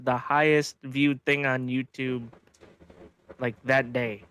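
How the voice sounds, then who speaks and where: A man's voice: mid-range voice, flat delivery, slow pace, a bit bright, clean tone, no echo. A young man co-hosting a wrestling podcast in casual chat, swearing freely and laughing between remarks. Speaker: podcast co-host.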